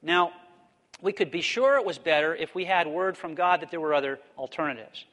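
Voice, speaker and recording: Higher-voiced man lecturing in a hall. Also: a little fast, a bit bright. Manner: thoughtful, explanatory, restates questions. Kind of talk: theology lecture with Q&A.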